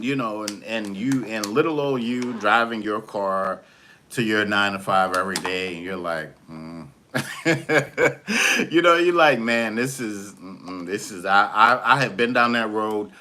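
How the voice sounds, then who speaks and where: A man's voice: medium pitch, pushed and bright. A young man giving a casual, rambling spiritual pep talk, full of fillers and restarts, acting out little voices. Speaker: motivational speaker.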